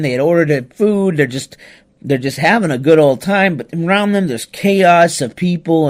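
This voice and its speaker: A man tells a personal story on a podcast in a loose, conversational way. He is animated, stops and restarts sentences, and scatters "you know" asides throughout. His voice sits at an ordinary mid pitch for a man. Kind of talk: casual spoken storytelling.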